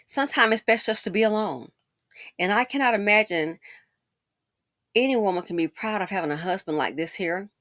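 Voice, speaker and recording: A woman's voice: mid-range voice, fairly quick, long pauses. Sassy woman commentator. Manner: animated, sassy, mimics people in quotes. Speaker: commentary channel host. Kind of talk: casual commentary.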